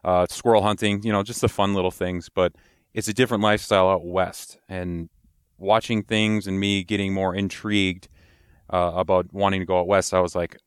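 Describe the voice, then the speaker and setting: A man's voice: low voice, steady tone, moderate pace, smooth, dry recording, clean studio sound. A man from Wisconsin, a guest in a casual interview, talking at length and laughing along.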